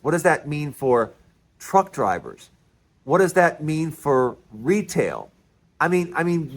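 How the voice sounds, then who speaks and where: A man hosting his own political commentary vlog, talking in an animated, emphatic way and often repeating and restarting his phrases. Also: on the high side. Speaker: vlog host.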